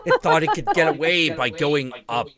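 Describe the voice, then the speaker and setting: A man's voice: a little high, moderate pace, a crowd in the background, natural voice. A man voicing his pet cat as a gleeful, boastful killer, bragging in a childlike squeal.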